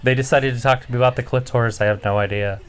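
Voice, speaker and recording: A man's voice: medium pitch, steady tone, racing, smooth. A man co-hosting a casual live stream, telling stories in a laid-back way with dry jokes. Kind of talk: casual chat. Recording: noisy home recording.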